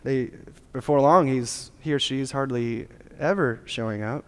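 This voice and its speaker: A man's voice: mid-range voice, unhurried, smooth. A man preaching a sermon as a pastor, with a casual, joking, conversational delivery. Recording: long hall reverb.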